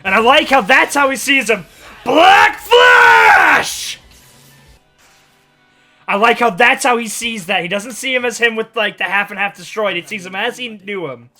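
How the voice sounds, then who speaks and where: A man hosting an anime reaction, talking casually and excitably, swearing freely and laughing often. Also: high-pitched, a little fast, few pauses, soft background music. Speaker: anime reaction channel host.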